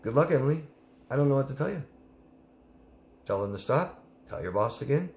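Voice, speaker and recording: A man's voice: mid-range voice, expressive, fairly quick, vocal fry, a little mellow, echoey room. A man coaching a listener in a live Q&A, blunt and emphatic, repeating her name as he gives advice. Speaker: life coach.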